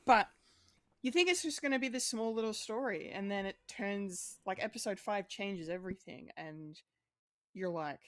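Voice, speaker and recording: A woman's voice: medium pitch, normal speed, no room sound, clean studio sound. A woman co-hosting a podcast, chatting casually in a rambling way, with lots of fillers, restarts and swearing. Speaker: podcast co-host.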